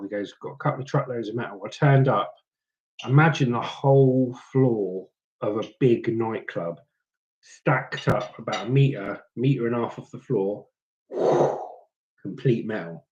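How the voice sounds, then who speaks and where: The audio is dull, but the host's mid-range, slightly mellow voice comes through at a normal speed. He chats casually on his live stream, reading comments, sharing scrapping tales, and slipping into mock accents.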